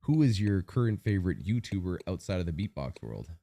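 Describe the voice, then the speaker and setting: A man hosting a podcast interview over a video call, with an energetic, announcer-like delivery. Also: deep voice, a little fast, vocal fry. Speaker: podcast host. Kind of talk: hype-style interview hosting.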